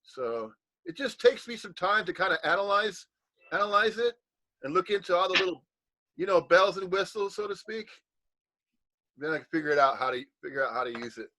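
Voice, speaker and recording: A man's voice: high voice, animated, brisk, bright, forceful tone. A man chatting casually on a video call, rambling and teasing with frequent laughter. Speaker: host of a nondualism talk stream.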